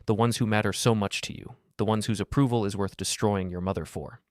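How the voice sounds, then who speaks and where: A man's voice: fairly low pitch, steady tone, a little fast, no echo, clean studio sound, natural voice. A man voicing a furious, betrayed middle-aged father who makes cold, cutting accusations.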